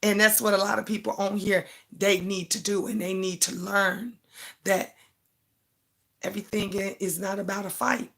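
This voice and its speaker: A woman's voice: medium pitch, steady tone, normal speed, vocal fry, a bit bright. An older woman hosting a livestream, talking bluntly, repeating words for emphasis and reading out viewer comments. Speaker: livestream host. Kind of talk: casual livestream talk.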